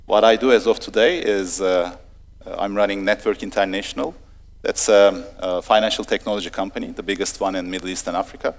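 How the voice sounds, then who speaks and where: A man speaks on a conference panel in a very deep voice. He talks in a relaxed way, with hesitant fillers. A long hall reverb trails his words. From Turkey. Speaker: panelist, fintech executive.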